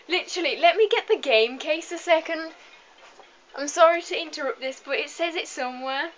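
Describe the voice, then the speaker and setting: A young woman with a bright, forceful voice, chatting tiredly and self-mockingly over gameplay. She trips over long words and laughs it off. Faint game music sits behind a slightly dull, lo-fi recording. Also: high voice. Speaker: let's play host. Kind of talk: casual gameplay commentary.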